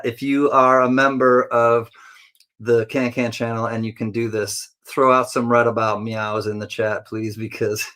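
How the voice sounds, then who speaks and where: Man, livestream host, casual chat, playful, frequent laughs, unhurried delivery. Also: mid-range voice, fairly bright tone. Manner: playful, laughs often, greets chatters by name.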